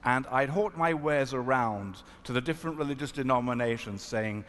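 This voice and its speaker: A man from South Africa, a rabbi, telling a story at a panel in an earnest, reflective, halting manner. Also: mid-range voice, fairly bright tone. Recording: echoey hall, faint noise.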